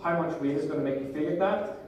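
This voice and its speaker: Speaking quickly, with a darkish tone and a slightly high pitch, this man in his thirties with a Northern Irish accent is a motivational speaker directing a live seminar crowd in a jokey, playful way. He was recorded from a distance in a big echoey hall, and background noise is present.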